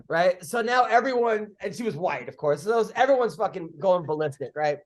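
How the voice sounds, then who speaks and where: A middle-aged man hosting a podcast, telling comedy-road stories in casual chat, animated, swearing freely and acting out what people said. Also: high voice, fairly quick, hardly any pauses. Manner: animated storyteller, swears freely, acts out quotes.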